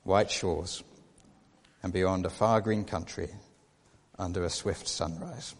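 A man voicing an old wizard, calm and consoling, retold in a sermon. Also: low-pitched, takes it slowly, slightly rough, pitched below the performer's own voice, heavily acted. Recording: long reverb of a large hall.

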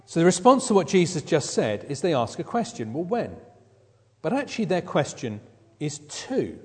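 A man's voice: fairly high pitch, huge pitch swings, normal speed, slightly rough. A man preaching a sermon, teaching through a Bible passage verse by verse with emphasis. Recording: long reverb of a hall.

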